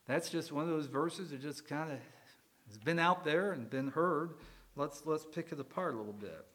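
A man's voice: fairly high pitch, normal speed, a bit bright. A male pastor preaching a conversational sermon, asking the congregation questions and explaining a verse. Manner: conversational, asks the congregation questions, uses some fillers.

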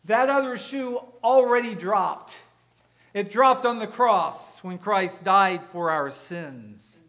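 A man's voice: high voice, animated, takes it slowly, fairly bright tone. A man preaching a sermon as pastor, emphatic and explanatory, often asking the congregation rhetorical questions. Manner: emphatic preaching with rhetorical questions, repeats words when restarting.

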